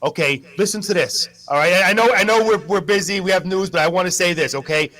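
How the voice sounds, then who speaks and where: A man bantering on a live local morning show, joking at his own expense. His voice is high and bright for a man. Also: quick pace. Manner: jokey, self-deprecating, laughs often. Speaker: news presenter.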